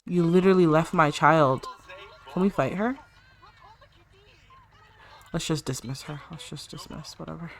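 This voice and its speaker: A woman's voice: low-pitched, measured pace, long pauses. A woman hosting a let's-play, chatting through her life-sim gameplay and talking straight to her game characters. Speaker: gaming channel host.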